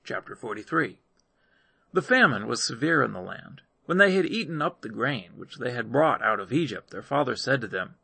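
Man with a gravelly, raspy reading voice. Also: medium pitch, expressive, pushed and bright, no room sound. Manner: measured narration, dropping for narrative tags. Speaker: scripture reader. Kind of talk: Bible reading aloud.

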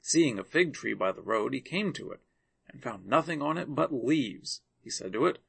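Gravelly man reading scripture. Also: fairly high pitch, expressive, fairly quick, fairly bright tone. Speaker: scripture reader.

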